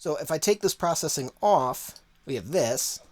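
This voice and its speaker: A man teaching audio mixing in a relaxed, conversational way, full of casual fillers. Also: fairly high pitch, moderate pace, loud music behind the voice. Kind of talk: casual tutorial walkthrough.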